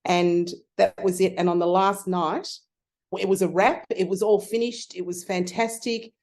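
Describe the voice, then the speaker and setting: A middle-aged Australian woman, a photography consultant, telling lively stories in a casual interview with frequent restarts. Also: mid-range voice, normal speed.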